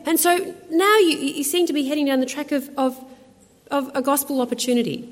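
A woman with an Australian accent gives a conversational, animated sermon with chatty asides, ending in prayer. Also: sits high, fairly quick, big-room sound. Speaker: speaker at a women's ministry talk.

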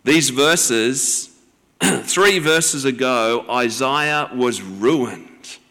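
A man preaching a sermon as the pastor, slow and deliberate, with measured pauses between phrases. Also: medium pitch, bright, forceful tone, in a large hall.

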